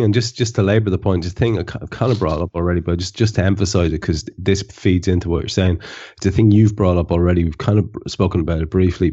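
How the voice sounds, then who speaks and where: A man with a low voice hosts a football podcast in casual chat. He builds each point with eager repetition and restarts, and the recording sounds dull and lo-fi. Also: warm tone, husky. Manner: enthusiastic, repeats himself, drawn-out phrasing. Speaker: podcast host.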